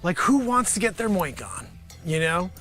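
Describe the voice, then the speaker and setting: A man hosts his own comedy show and improvises a mock sales pitch in a high, bright voice. His delivery is brash and sarcastic, and his pitch swoops wildly up and down. He mutters asides and then breaks into sudden shouts. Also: expressive, moderate pace, soft background music. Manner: swings between mumbled asides and sudden shouted outbursts.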